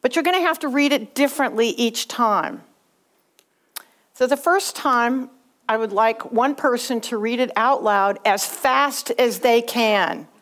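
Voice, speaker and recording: A woman teaching a speaking lesson, with a patient, instructive delivery and a slightly higher voice. She is middle-aged and from Southern California, and she walks her students through each step clearly. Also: a little slow, a bit bright. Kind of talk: classroom instruction.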